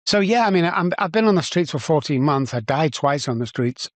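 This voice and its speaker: Appearing on a podcast, a middle-aged Mancunian Englishman recounts his life in an interview, acting out conversations as he goes. His voice is a little high and animated, his pace moderate, and the recording has no room sound.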